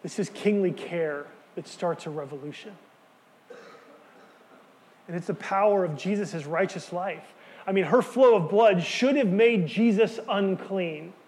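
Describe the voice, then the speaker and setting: High-voiced preacher in a reverberant hall. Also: male voice, a little slow. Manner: earnest, emphatic, drops to quiet for key lines. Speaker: pastor. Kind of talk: sermon.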